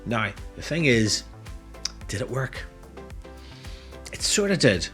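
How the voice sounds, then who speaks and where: A man's voice: medium pitch, sing-song, takes it slowly, a bit bright, faint music behind. A middle-aged man, a hypnotist, talking through a tutorial in a casual, explanatory way. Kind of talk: tutorial commentary.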